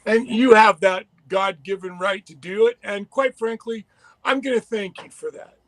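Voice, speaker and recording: A man's voice: high-pitched, normal speed, fairly bright tone, no echo. A man co-hosting a casual podcast chat, talking in an enthusiastic, rambling way with restarts. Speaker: podcast co-host.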